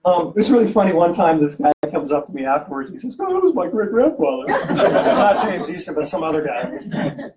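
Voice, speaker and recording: A man giving a lively public lecture as an archivist, joking and quizzing his audience with questions. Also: on the high side, normal speed, a crowd in the background. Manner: jokey, teasing, quizzes the audience. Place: event room with a live audience. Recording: distant, dull lo-fi room recording.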